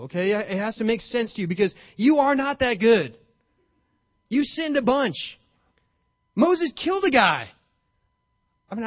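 A fairly high-voiced man delivers a sermon to a live congregation. He keeps it conversational, checks in with the crowd and builds to loud, emphatic high points. The recording is dull and muffled. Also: big pitch swings, a little slow, pauses often. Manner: conversational preaching, checks in with "right?". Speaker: pastor.

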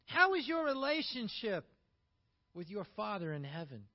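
A man with a high voice delivers a sermon, swinging from emphatic, rising peaks to quiet asides. The recording sounds a bit dull and muffled. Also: sing-song, normal speed. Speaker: pastor.

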